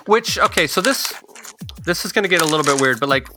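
A man's voice: a little high, lively intonation, fast talker, over music. A man co-hosting a casual podcast chat, rambling through his thoughts with restarts. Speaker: podcast co-host. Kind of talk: casual book club chat.

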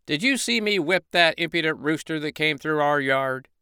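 A man voicing a boastful, strutting male rooster in a storybook reading, bragging loudly and pompously. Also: fairly high pitch, lively intonation, moderate pace, smooth, no room sound, clean studio sound, pitched above the performer's own voice.

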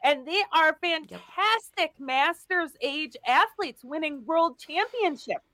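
A woman with a high voice explains things in a steady, measured way. She sounds like a strength coach talking as a guest in a casual chat. The recording is dry, with no room sound. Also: dry recording.

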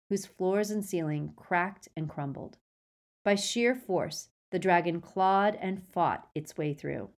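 Lower-voiced woman narrating a fantasy audiobook. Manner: expressive reading, raising voice for action.

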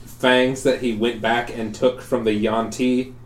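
A young man narrating as game master, in a halting way with many pauses and fillers. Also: medium pitch, level tone, echoey room. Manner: halting, full of ums and likes.

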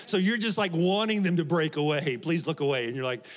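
A man's voice: high voice, animated, moderate pace. A middle-aged pastor preaching to his congregation in a loose, conversational way. He jokes, laughs often and keeps throwing questions out to the people in front of him. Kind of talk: sermon.

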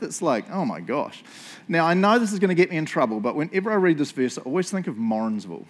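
A man's voice: fairly high pitch, very animated, quick pace. A man with a New Zealand accent preaching a sermon in a church, chatty and joking, often tagging lines with "eh?" and "right?". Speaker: pastor.

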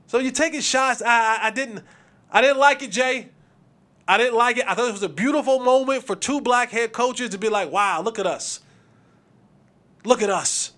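A man hosting a sports podcast, giving opinionated commentary in an animated, preachy way and acting out quotes. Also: extremely high pitch, brisk.

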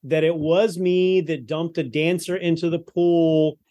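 A man's voice: on the high side, little pitch movement, a little slow, warm tone, highs cut off. A man in his fifties from Texas, a guest telling stories in a casual interview chat, rambling with frequent restarts over a video call. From Texas, USA. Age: 50s.

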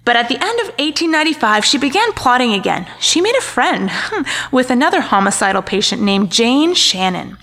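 A woman's voice: a little high, sing-song, normal speed, a bit bright. A woman co-hosting a podcast, casually recounting a true-crime story with wry asides and stumbles over names. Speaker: podcast co-host.

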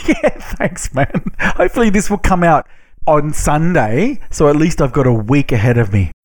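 Casual: drunk podcast guy, kinda high voice, all over the place with his pitch, laughs a lot. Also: sing-song, normal speed, darkish tone. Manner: playful, laughing, mock-outraged. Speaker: podcast co-host. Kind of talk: casual chat.

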